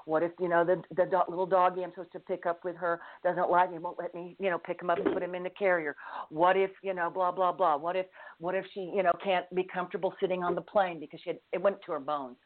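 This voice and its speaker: A woman's voice: on the low side, fairly even intonation, quick pace. Earnest woman guest over a phone line. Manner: earnest storytelling with laughs. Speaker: guest author.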